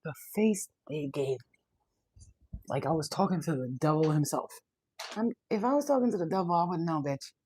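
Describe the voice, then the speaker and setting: A woman's voice: low-pitched, animated, normal speed, mellow, a little hiss or hum. A woman, a spiritual reader, talking casually and bluntly to her viewers, swearing freely. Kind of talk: casual direct-to-camera chat.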